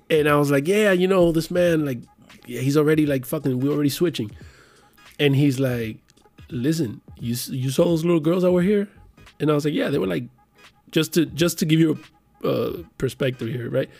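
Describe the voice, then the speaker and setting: Here a thirtysomething man from the Miami area recounts a profanity-laced story in casual chat, playing out each person's lines. His voice runs on the high side, with vocal fry.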